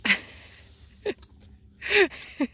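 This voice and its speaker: A woman's voice: drawn-out words, bright, forceful tone, no echo. A woman vlogging outdoors on a trail ride by a creek, talking playfully and cooing to her animals. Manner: cooing, playful talk to animals, frequent laughs. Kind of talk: casual vlog narration.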